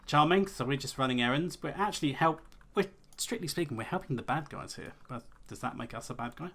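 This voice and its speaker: A man's voice: on the high side, expressive, fairly quick, hardly any pauses, a bit bright. Male let's play host, casual rambling commentary with wry asides. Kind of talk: gameplay commentary.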